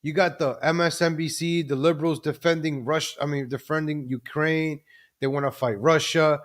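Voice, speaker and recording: Man, live stream host, ranting commentary, fairly high voice. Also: steady tone, normal speed. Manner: ranting, repeats ladies and gentlemen.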